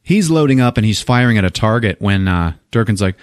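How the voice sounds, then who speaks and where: A man with a fairly low voice tells a film's plot to his podcast co-hosts, and his pitch swings widely as he jumps between characters. He swears often and keeps the chat loose and lively. The sound is dry and close, with no room around it. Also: fairly quick, no echo. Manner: animated scene retelling, swearing, quoting characters. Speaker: podcast co-host recapping a movie.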